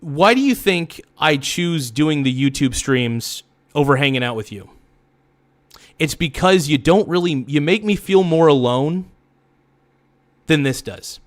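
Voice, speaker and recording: A man hosting a livestream delivers a heated, swearing monologue that circles back on itself. His voice sits a little high, and he stumbles into restarts and quick self-corrections. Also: animated. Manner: heated, repetitive, swearing rant. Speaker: livestream host.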